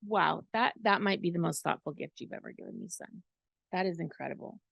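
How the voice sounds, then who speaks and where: A woman's voice: on the low side, fairly quick, gravelly, fairly bright tone, dry recording, lo-fi sound. A middle-aged woman hosting a podcast in casual chat, gushing and emotional as she talks with her son. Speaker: podcast host.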